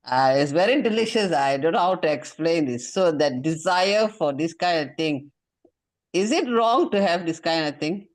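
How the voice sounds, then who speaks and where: Male student, hesitant, many fillers, fairly high voice, casual class questions. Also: animated, moderate pace.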